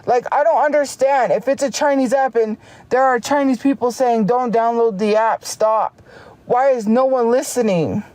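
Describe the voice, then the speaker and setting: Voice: sits high, darkish tone, no echo. Heated livestreamer ranting casually. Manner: heated, talks fast and restarts sentences often. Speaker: live streamer.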